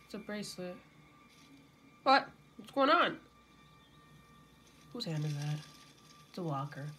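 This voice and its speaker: A young woman reacting live to a TV episode, excitable and emotional, blurting and shouting at the screen and swearing freely. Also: on the low side, measured pace, slight background noise, poor audio. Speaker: reaction video host. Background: episode soundtrack playing.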